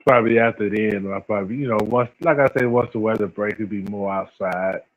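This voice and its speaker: A man's voice: on the low side, a little fast. A man in his forties hosting a casual livestream, talking slangy and laid-back, laughing often and addressing viewers by name. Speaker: livestream host. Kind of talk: casual livestream chat, reading chat. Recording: phone-like lo-fi sound.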